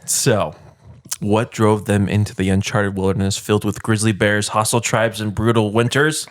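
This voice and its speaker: A man's voice: fairly low pitch, level tone, moderate pace, dry recording, studio quality. A man co-hosting a casual podcast, leading the topic in a rambling way with lots of "like" and "I mean". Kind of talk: casual chat.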